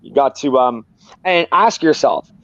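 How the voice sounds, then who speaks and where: A man's voice: mid-range voice, animated, measured pace, a bit bright, no room sound, dull audio. A man talking candidly and earnestly as a guest, rambling and repeating himself. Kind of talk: candid personal talk.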